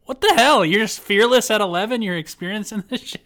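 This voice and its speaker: A woman co-hosting a podcast in casual chat, blunt and quick to swear. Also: mid-range voice, a bit bright. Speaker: podcast co-host.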